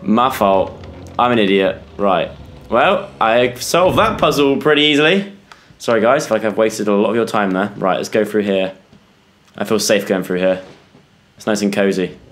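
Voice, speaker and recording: A man's voice: fairly low pitch, normal speed, a bit bright, a little hiss or hum. A young British man commentating a horror game for viewers, jumpy and yelping when scared. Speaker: gaming YouTuber. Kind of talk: let's play commentary.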